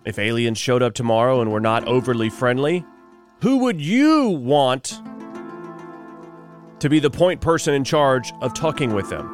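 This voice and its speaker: A man's voice: mid-range voice, very animated, normal speed, soft background music. Wry man hosting a morning show. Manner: chatty, wry, reads news items with asides. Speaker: radio morning show host. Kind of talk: solo talk radio monologue.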